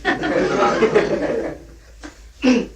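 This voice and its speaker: A woman's voice: very slow, low-quality recording. An older woman teaching at a spiritual gathering, scolding her listeners playfully and often breaking into laughter as she mimics them.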